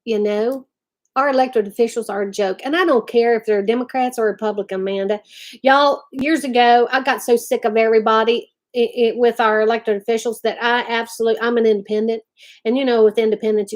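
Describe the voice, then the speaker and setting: A woman's voice: fairly high pitch, steady tone, brisk. A middle-aged woman, hosting a casual live chat and talking emphatically and from the heart straight to her viewers. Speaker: livestream host.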